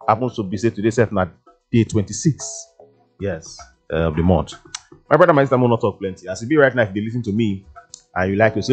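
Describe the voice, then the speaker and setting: A man's voice: lowish voice, expressive, fast talker, soft background music. A man with a Nigerian Pidgin English accent, hosting a casual radio show in a studio, chatty and playful, with many fillers. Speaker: radio DJ host. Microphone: studio mic.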